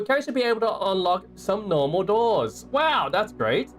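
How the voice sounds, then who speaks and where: A man's voice: high voice, very animated, normal speed. A young Australian man chatting playfully with viewers while playing a game and reading its notes aloud. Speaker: streamer. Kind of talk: live gameplay commentary.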